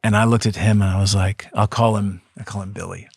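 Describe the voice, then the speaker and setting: A man with a lowish voice talks earnestly and at a measured pace, a psychotherapist reflecting aloud as an interview guest. He restarts phrases now and then. The sound is dry and close, with no room around it. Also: little pitch movement, dry recording. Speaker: depth psychotherapist, podcast guest.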